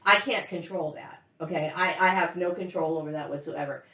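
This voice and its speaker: A woman's voice: low-pitched, steady tone, fairly quick, hardly any pauses, a bit bright. A woman delivering an angry, profane monologue, repeating herself and tagging lines with "okay?". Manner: profane, repetitive, many "okay?" fillers. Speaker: vlogger. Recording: echoey room, dull lo-fi sound.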